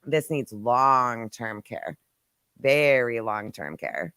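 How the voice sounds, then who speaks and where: Frank live-podcast host, mid-pitched voice, dry close mic, earnest. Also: animated, slow, sharp tone, clean tone, no room sound. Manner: frank, earnest, a bit profane. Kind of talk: casual live-stream chat.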